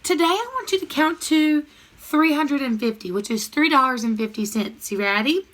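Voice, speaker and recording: A woman teaches a math lesson to young children over a computer mic. Her voice is bright and a little high. She speaks in a cheerful sing-song and breaks into short rhymes for the class. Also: animated, fairly quick.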